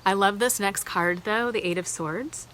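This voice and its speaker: A woman's voice: mid-range voice, normal speed, a bit bright, slight background noise. A woman hosting a live tarot card reading, speaking earnestly and emotionally, thinking aloud with fillers.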